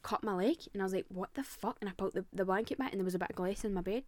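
A young Scottish woman co-hosting a podcast, telling ghost stories in a lively, swearing, animated way. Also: mid-range voice, rapid-fire, no room sound. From Scotland. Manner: animated storyteller, swears freely, acts out voices. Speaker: podcast co-host. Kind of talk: casual chat, storytelling.

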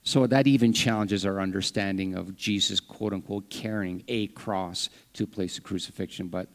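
Man preaching an animated sermon. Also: normal speed, creaky. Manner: animated preaching, acts out quoted lines with jumps in pitch and volume; conversational and humorous asides. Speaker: pastor.

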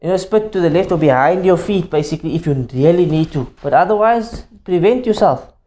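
Brisk and high-voiced, with a dark timbre, a man runs a religious class in an explanatory manner. Every point gets restated, he keeps confirming the students are with him, and Arabic phrases are woven throughout.

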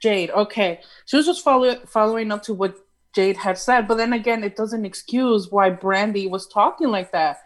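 A woman's voice: mid-range voice, moderate pace. A woman on a talk show panel giving her view in casual chat, hesitant and full of ums. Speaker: guest panelist.

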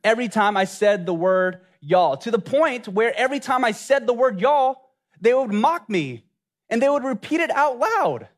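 High-voiced preacher. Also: male voice, animated, normal speed. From Louisiana, USA. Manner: earnest, with many reflective questions. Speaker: pastor. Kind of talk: sermon.

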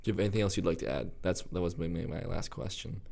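A man hosting a podcast interview, chatty and playful, with quick reactions. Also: low-pitched, gravelly, darkish tone. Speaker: podcast host. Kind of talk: casual conversational interview.

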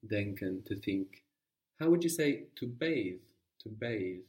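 A man teaching a guided language lesson, patiently prompting and repeating answers slowly. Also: lowish voice, animated, a little mellow, recorded from a distance.

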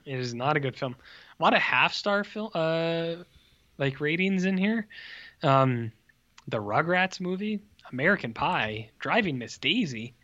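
A man's voice: on the high side, animated, a little slow, sharp tone, dull audio. A man co-hosting a casual movie review podcast, joking and rambling with mock exclamations. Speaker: podcast co-host.

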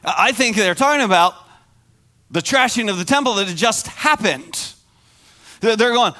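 Bright, high-voiced man preaching. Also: unhurried, long pauses. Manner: conversational, animated, acts out the quoted voices. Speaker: pastor. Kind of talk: sermon.

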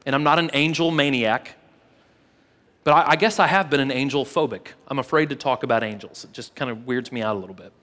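A man preaching a casual, earnest sermon to a live church service, telling a personal story and then leading a hushed prayer with many repeated words. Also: medium pitch, fairly quick, big-room sound. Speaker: pastor.

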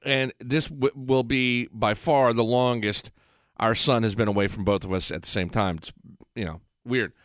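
A man's voice: mid-range voice, steady tone, moderate pace, fairly bright tone, dry recording. A man hosting a radio show, talking in a loose, rambling, profane monologue. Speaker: radio host. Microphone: radio studio mic. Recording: dry close studio sound.

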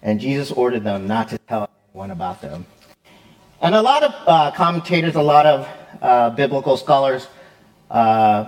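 A male pastor preaching a conversational sermon, lively and quick, with fillers and frequent "right?" check-ins. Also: medium pitch. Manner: quick, with fillers and self-corrections.

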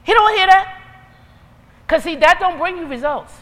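A woman preaches with a bright, forceful edge, talking to her listeners plainly and building up into urgent calls. Her voice rings out with the long reverb of a large hall. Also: very high-pitched, fairly quick. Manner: lively, conversational preaching with rising exhortations. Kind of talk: sermon.

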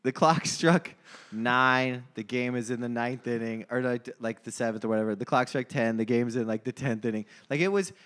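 A young man hosts a casual sports podcast and tells stories in a rambling, animated way, swearing freely. His voice sits at an ordinary middle pitch for a man. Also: brisk, hardly any pauses. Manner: profane, rambling, animated storytelling. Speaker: podcast host.

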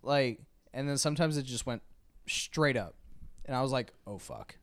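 A man's voice: medium pitch, moderate pace, smooth. A man in casual chat, blunt and profane, laughing often.

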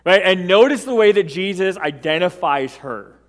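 A man's voice: sits high, animated, moderate pace, fairly bright tone. Man, pastor, sermon storytelling, acts out quotes, keeps asking "right?", long hall reverb.

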